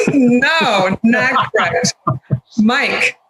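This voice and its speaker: Slow-talking Midwestern man in a roomy space. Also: high voice, fairly bright tone. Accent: Midwestern American. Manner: laughs often while talking. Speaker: Navy team panel player. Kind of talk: casual game-show banter.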